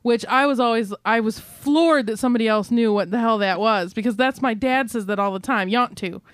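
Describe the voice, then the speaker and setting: A woman's voice: fairly high pitch, fairly quick, smooth, no room sound. A woman chatting casually, amused and wry. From Michigan, USA. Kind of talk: casual chat.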